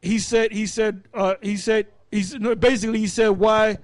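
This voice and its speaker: A man's voice: high voice, steady tone, moderate pace, no echo. A man teaching the Bible in a casual, rambling, emphatic way. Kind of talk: casual preaching.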